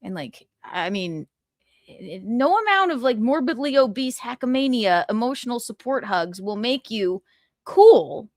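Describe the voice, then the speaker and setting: A woman's voice: a little high, big pitch swings, measured pace, darkish tone, dry recording, studio quality. A woman hosting a livestream, mocking and blunt with plenty of profanity as she comments on clips. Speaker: livestream host. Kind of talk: profane pop-culture commentary.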